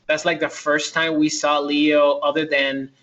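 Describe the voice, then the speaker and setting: A man's voice: a little high, little pitch movement, measured pace, fairly bright tone, dull audio. A man co-hosting a film podcast, talking casually with lots of fillers and swearing. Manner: rambling, profane, many fillers. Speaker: podcast co-host. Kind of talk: casual chat.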